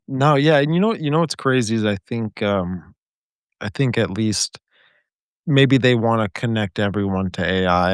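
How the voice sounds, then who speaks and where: Podcast host guy on a video call, kinda low voice, dry sound, rambly, thinks out loud. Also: dry recording. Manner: rambling and speculative, many fillers and restarts. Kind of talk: casual conversation on a podcast.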